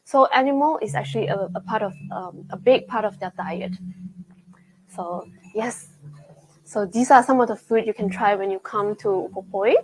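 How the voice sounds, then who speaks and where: A young woman hosting a live travel vlog, chatting excitedly while tasting food at a restaurant. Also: mid-range voice, moderate pace, background noise. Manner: chatty and excitable, with frequent gasps and laughs. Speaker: travel show host. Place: indoors at a restaurant.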